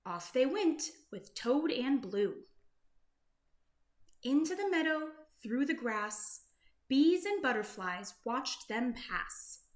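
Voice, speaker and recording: A woman reading a children's picture book aloud in a gentle, sing-song storytelling manner. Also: fairly high pitch. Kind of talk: read-aloud storybook narration. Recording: roomy echo.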